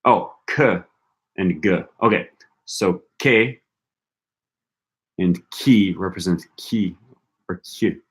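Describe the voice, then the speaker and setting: Young man, very low voice; casual live-stream study talk, thinks aloud, repeats sounds. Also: slow pace, pauses often. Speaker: language-learning streamer.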